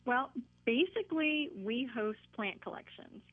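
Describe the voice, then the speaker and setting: A woman's voice: on the high side, expressive, unhurried, dry recording. Woman phone-in guest, upbeat, explaining, tinny phone line, dry sound. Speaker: guest, website co-founder. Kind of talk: phone-in interview. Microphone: telephone.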